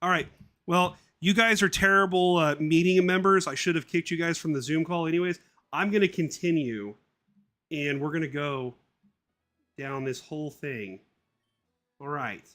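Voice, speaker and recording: Male streamer, slightly high voice, dry sarcastic reader. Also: normal speed, sharp tone. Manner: sarcastic, swears, grumbles. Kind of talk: casual livestream script reading.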